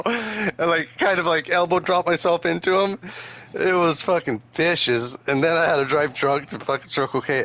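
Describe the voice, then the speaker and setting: A man with a slightly higher voice chats quickly and with life, swept up in his own stories. His talk comes in rushed bursts with frequent laughter. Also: sharp tone, poor audio. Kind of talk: casual storytelling chat.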